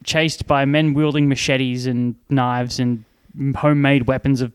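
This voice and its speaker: A man's voice: mid-range voice, a little slow, clear, resonant tone. A man recapping a movie in casual chat, joking and swearing as he goes. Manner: profane, joking, animated recounting. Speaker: podcast co-host.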